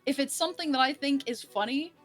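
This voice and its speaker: A woman's voice: high voice, fast talker, faint music behind. A woman guesting on a livestreamed talk show, chatting casually, with hesitant restarts and fillers. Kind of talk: casual chat.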